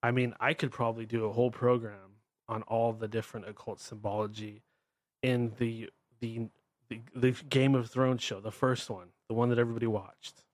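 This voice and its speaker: A man's voice: medium pitch, little pitch movement, normal speed, no echo. A man with a Pacific Northwest American accent hosting his show, ranting bluntly and irreverently. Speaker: podcast host. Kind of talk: ranting monologue.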